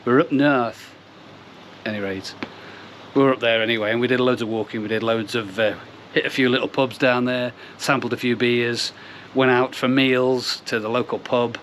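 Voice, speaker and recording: A man's voice: mid-range voice, little pitch movement, fairly quick, a bit bright, slight background noise. A middle-aged man hosting a casual pond vlog outdoors, rambling and digressing with self-deprecating jokes. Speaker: koi pond channel host.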